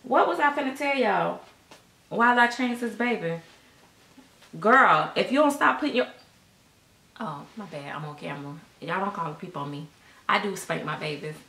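A woman's voice: mid-range voice, animated, moderate pace, gravelly, pauses often, pushed and bright. A middle-aged woman telling a casual storytime at home, chatty and sassy, with a sound recorded in an echoey room. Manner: chatty, sassy, acts out voices in quotes.

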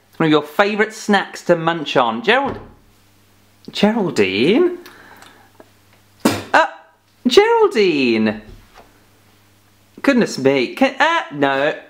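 A man hosting a children's phonics lesson, playfully scolding and coaxing a giraffe puppet. His pitch rises and falls widely in a sing-song way. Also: a bit bright. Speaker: phonics teacher presenter. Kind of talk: children's educational presenting.

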